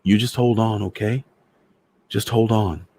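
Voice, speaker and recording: A man voicing a desperate young wife who pleads softly with her dying husband, in a storybook reading. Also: fairly low pitch, fairly even intonation, a little slow, slightly rough, pitched above the performer's own voice. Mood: pleading.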